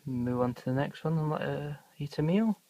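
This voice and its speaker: Hobbyist talking low and easy while filming, casual vlog on a camera mic. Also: moderate pace, lo-fi sound. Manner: quiet, soft-spoken, laid-back. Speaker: hobby pet keeper filming feedings. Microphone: handheld camera mic.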